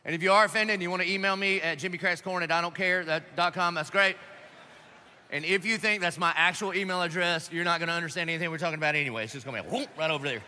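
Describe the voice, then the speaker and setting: A man preaching a lively sermon as pastor to a church congregation, animated and joking, pleading and emphatic in turn. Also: fairly high pitch, fast talker, slight background noise. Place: large church auditorium. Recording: long reverb of a large church hall.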